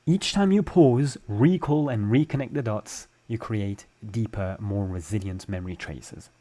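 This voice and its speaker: A man's voice: lowish voice, measured pace, dark tone. A young adult man with a French accent, teaching a language lesson and patiently explaining step by step with examples. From France.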